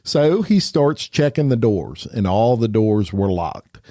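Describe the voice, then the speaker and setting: Brief: male podcast host, lowish voice, casual headline reading with blunt asides. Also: big pitch swings, unhurried, dark tone, no room sound, studio quality. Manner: reads headlines, adds blunt opinions. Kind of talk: casual news reading with comments.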